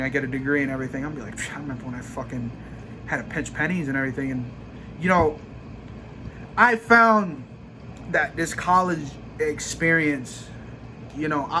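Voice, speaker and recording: This young man from Brooklyn, New York, rants about vlogging for a living, cursing freely in fast bursts with a New York accent. His voice leans high and sounds pushed and bright, over a slight hiss or hum.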